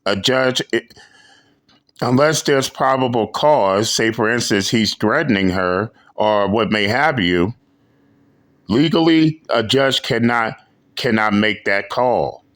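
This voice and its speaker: Slow, blunt man with profanity. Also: medium pitch, fairly bright tone. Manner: blunt, profane, repeats himself. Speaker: show host reacting to clips. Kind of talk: casual reaction commentary.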